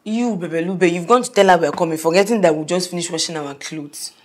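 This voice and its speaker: A Nigerian actress playing an anxious, apologetic young roommate who pleads and explains in a hurry. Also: female voice, lowish voice, quick pace, lightly acted. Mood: worried. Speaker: actress in a film. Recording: film soundtrack with clear music.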